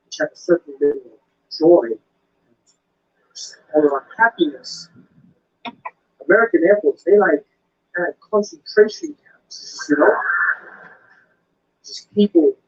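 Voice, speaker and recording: A male stand-up comedian performing a routine on stage, acting out voices of shouting officers. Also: high-pitched, measured pace, long pauses, muffled recording. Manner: animated, with loud acted-out officer voices.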